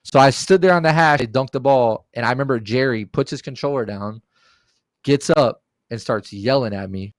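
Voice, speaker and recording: Man, podcast storyteller, profane, animated, dry close sound. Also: medium pitch, moderate pace, dry recording. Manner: animated, profane, acts out quotes. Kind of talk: casual storytelling chat.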